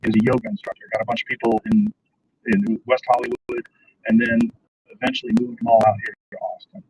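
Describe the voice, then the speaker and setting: A man's voice: mid-range voice, flat delivery, quick pace, darkish tone, distant mic, low-quality recording. A man in casual conversation telling a story and asking thoughtful questions. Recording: voice a bit off-mic, faint noise.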